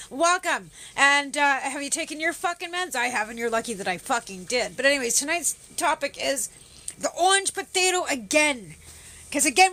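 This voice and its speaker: A woman's voice: high-pitched, bright, forceful tone. A woman hosting a livestream, ranting sarcastically with heavy swearing and greeting her viewers. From Canada. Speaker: livestream host. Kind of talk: casual ranting livestream chat.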